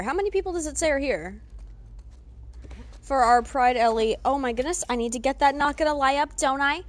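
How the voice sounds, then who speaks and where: A woman streaming live, chatting casually and excitedly greeting her viewers. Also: high-pitched, brisk. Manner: excitable, greets chat warmly.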